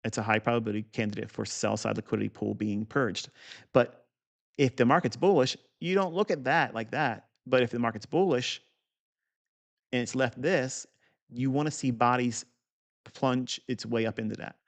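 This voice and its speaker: A man's voice: mid-range voice, normal speed, creaky. A man teaching a live market review lesson in a blunt, profane, rambling way. He repeats key points for emphasis and talks straight at the viewer. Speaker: trading educator.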